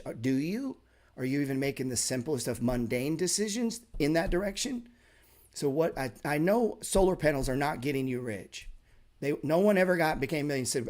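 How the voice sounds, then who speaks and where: A man's voice: mid-range voice, normal speed. A man in an everyday middle-range voice runs a casual live trading class. He talks bluntly and swears freely for emphasis. He throws in sarcastic asides. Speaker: trading teacher.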